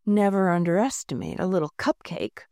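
A woman voicing a calm, proud schoolteacher who speaks matter-of-factly. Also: fairly low pitch, brisk, dry recording, studio quality, lightly acted.

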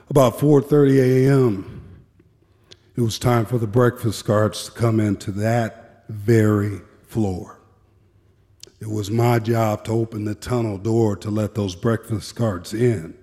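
A man, a former prison guard, telling a personal story in a measured, grave way with deliberate pauses. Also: medium pitch, a little mellow. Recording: echoey hall with long reverb.

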